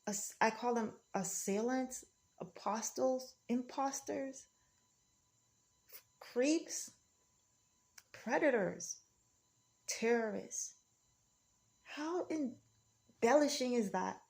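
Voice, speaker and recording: A woman's voice: a little high, very slow, creaky, long pauses, darkish tone. Defiant rambling woman ranting. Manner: rambling, defiant, repeats herself. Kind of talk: emotional monologue to camera.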